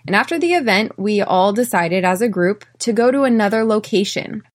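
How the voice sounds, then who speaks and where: An American woman hosting an English-learning podcast, telling personal stories and drilling phrases slowly for listeners to repeat. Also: mid-range voice, animated. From United States. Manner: clear, slow drilling in repeat-after-me phrases; chatty, often tags lines with "right?". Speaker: podcast host and English teacher. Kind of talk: podcast lesson.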